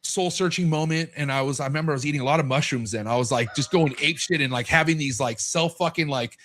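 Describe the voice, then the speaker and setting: A man's voice: a little high, quick pace, a bit bright. A man in his thirties talking as a podcast guest in casual chat, candid and swearing freely, acting out what people said to him.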